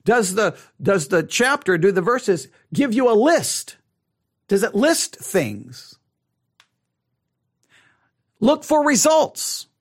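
A man with a husky voice that sits high teaches a Bible study method slowly but in a casual, animated way. He often restarts phrases and acts out how a reader might react.

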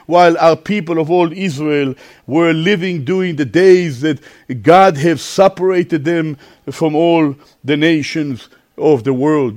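A man preaching a sermon and reading scripture aloud, slow and emphatic, drawling out words and swinging sharply between high and low.

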